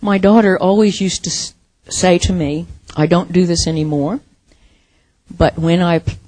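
A middle-aged woman preaching a sermon, expressive, with soft dramatic pauses. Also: on the low side, dry recording.

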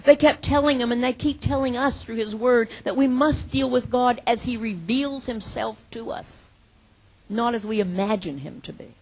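Gravelly, husky woman preaching a sermon. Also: fairly high pitch, moderate pace, low-quality recording. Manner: earnest, emphatic, quotes imagined prayers, swings from loud to hushed.

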